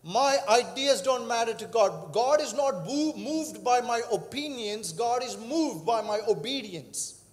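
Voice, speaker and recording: A man's voice: extremely high pitch, animated, measured pace. A male pastor preaching a sermon, telling a story with frequent fillers and acted-out quotes. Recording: echoey hall with long reverb.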